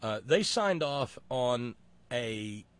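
A man's voice: medium pitch, sing-song, smooth. Wry male talk host, lots of fillers. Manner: wry, sarcastic asides; many fillers and pauses. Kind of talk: political talk show commentary.

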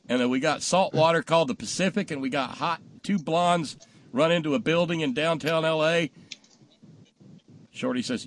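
A man hosting a talk show, telling jokes casually and acting out the punchlines loudly. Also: on the high side, normal speed. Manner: animated storyteller, acts out punchlines loudly.

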